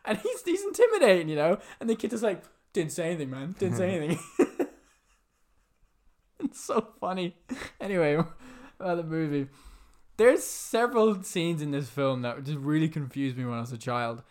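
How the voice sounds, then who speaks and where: Brief: chatty co-host, very expressive pitch, giggles mid-story, relaxed film talk. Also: moderate pace. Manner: animated, laughs often while telling stories. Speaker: podcast co-host. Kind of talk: casual chat about films.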